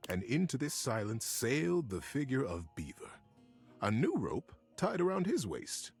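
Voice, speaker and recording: A man giving a scripted storybook narration in an expressive, theatrical way. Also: medium pitch, moderate pace, breathy edge, faint music behind.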